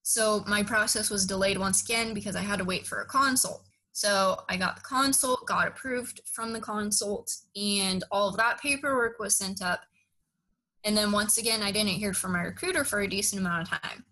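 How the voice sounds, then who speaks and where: A young woman in casual conversation, telling a long personal story with animated retellings of what people said. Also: medium pitch, normal speed, low-quality recording. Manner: animated, acts out quoted dialogue. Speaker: interviewee recounting her enlistment process.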